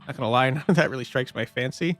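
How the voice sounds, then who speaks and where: A man's voice: medium pitch, fast talker, a bit bright, soft background music. A man casually commenting while playing a story game, laughing often. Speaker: gamer, streamer. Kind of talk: let's-play commentary.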